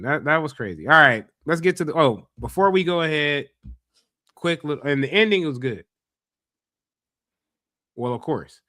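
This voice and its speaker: Male podcast host, casual banter, lively and profane, bright tone, dead-dry mic. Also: mid-range voice, dry recording. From Los Angeles area. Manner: animated, profane, repeats himself when worked up.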